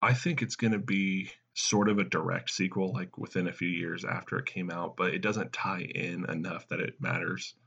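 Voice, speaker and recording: A man with a low, gravelly, husky voice runs a casual comedy podcast chat in a dry, deadpan way. His voice comes through a dull, lo-fi headset recording. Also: normal speed, hardly any pauses. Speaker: podcast co-host. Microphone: headset mic. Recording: dull lo-fi sound.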